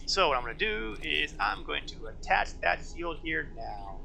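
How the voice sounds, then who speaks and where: A man talks casually as he plays a game on a live stream, thinking aloud and poking fun at himself. His voice is gravelly and very bright, a little higher than most men's, over a faint hiss. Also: very animated, normal speed, low-quality recording. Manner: chatty, self-mocking, thinks aloud. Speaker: streamer playing an online game.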